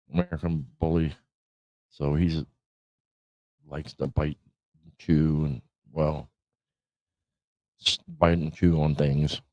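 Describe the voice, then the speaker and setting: Here a middle-aged man with a warm bass voice and no echo hosts a casual livestream as a podcast host. He wanders from topic to topic, swears, and laughs a lot, over dull lo-fi stream audio.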